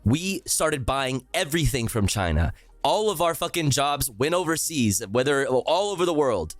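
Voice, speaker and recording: A man's voice: mid-range voice, big pitch swings, normal speed, no echo, soft background music. A male streamer ranting sarcastically and with heavy profanity while reacting live to a news clip.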